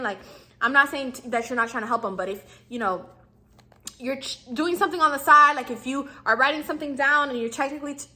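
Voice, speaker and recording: Addressing her viewers directly, a twentysomething YouTuber shares customer service advice in a relaxed vlog. Her bright, sharp, high voice runs through loose, slangy chatter, repeatedly breaking into quick takes on customers and clerks.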